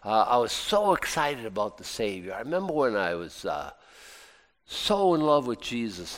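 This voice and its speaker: A man's voice: mid-range voice, big pitch swings, moderate pace, fairly bright tone. A man preaching a conversational sermon in a folksy, rambling way, full of asides and restarts. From United States. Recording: long reverb of a hall.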